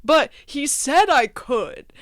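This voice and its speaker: A woman's voice: high voice, lively intonation, takes it slowly, a bit bright, no echo, studio quality. A woman guest on a podcast, playfully defending herself in casual chat with laughter.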